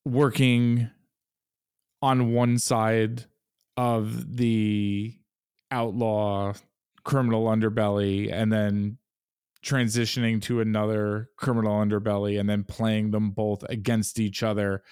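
Man, podcast co-host, smooth resonant voice, dry close sound, laid-back and profane. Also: fairly low pitch, level tone, slow pace, darkish tone, no echo. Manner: laid-back, swears casually, searches for words. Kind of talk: casual film chat.

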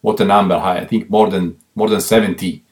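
A man with an Italian accent, a guest on a remote call, speaking English as a second language with many pauses and restarts. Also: sits low, steady tone. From Italy. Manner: halting, many fillers and restarts, earnest. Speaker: guest musician. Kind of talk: interview answers.

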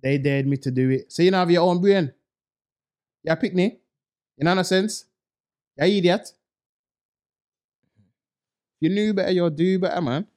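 A man's voice: moderate pace, pauses often, darkish tone. Blunt ranting man. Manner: blunt, ranting, uses street slang; mocks others in high put-on voices. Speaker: podcast co-host. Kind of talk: casual podcast chat.

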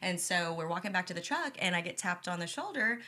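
A young woman co-hosting a podcast, with a slightly low voice. She talks quickly and tells her stories in an animated, chatty way. She brings the people in them to life as she goes. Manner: animated, acts out quoted voices when retelling. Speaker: podcast co-host. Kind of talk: casual conversational storytelling.

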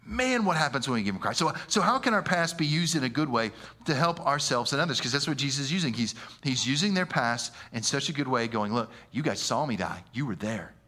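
A male preacher delivers a lively, conversational sermon, his voice sitting a little high and sounding bright and forceful. He leans on slang and keeps stumbling into quick repetitions as he pushes his point. The tone stays friendly and energetic throughout. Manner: animated, conversational, with slang and frequent stammered restarts.

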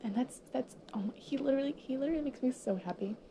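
Choked up and tearful, a young woman in her late teens, a high school student, speaks to viewers in a halting, emotional monologue broken by pauses and frequent drops into whispers. Her tone is mellow, and there's slight background noise.

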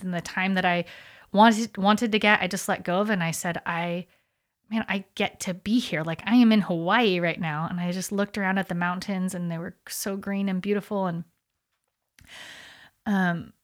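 A woman telling a personal race story in casual conversation, animated and full of fillers and restarts. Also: fairly low pitch, normal speed.

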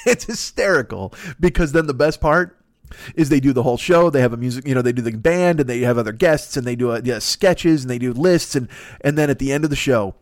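A man's voice: mid-range voice, brisk. A man hosting a podcast, riffing through a profane comic monologue with bursts of laughter. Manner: animated, swearing, bursts of laughter. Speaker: podcast host.

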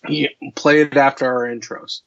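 A man's voice: medium pitch, normal speed, creaky, highs cut off. Profane, laughing podcast host man. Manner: profane, laughs often, animated retelling. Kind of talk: casual podcast banter.

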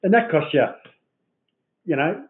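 A man's voice: fairly high pitch, expressive, measured pace. An Australian man complaining in casual chat, sweary and exasperated. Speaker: podcast co-host. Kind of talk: crude casual rant. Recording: tinny phone-like audio.

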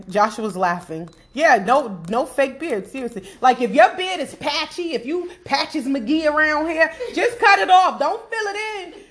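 A woman hosting a podcast in casual chat, animated and laughing as she talks to listeners. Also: sits high. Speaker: podcast host.

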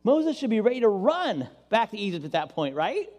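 A male pastor giving an animated, playful sermon and acting out voices, recorded with long hall reverb. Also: high-pitched, normal speed.

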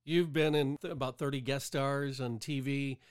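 A man's voice: medium pitch, steady tone, moderate pace, clean tone. Encouraging male interview host. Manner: encouraging, asks leading questions. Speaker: host and talent coach. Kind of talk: casual interview chat.

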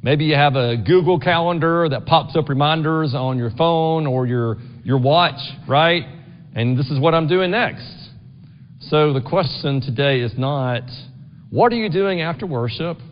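A middle-aged pastor delivers a sermon in a church sanctuary, his voice pitched on the high side and a little slow. He talks conversationally, often checking with the congregation by asking "right?" The recording is dull, with the long reverb typical of a church.

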